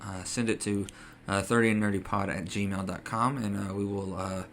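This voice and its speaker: A man's voice: lowish voice, steady tone, moderate pace, faint music behind. A man co-hosting a casual podcast, chatty and full of ums and uhs. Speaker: podcast co-host.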